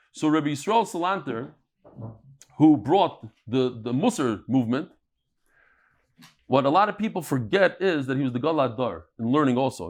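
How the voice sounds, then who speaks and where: A man, teaching a daily Talmud class in a lively, joking way, acting out the quotes he reads. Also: on the high side.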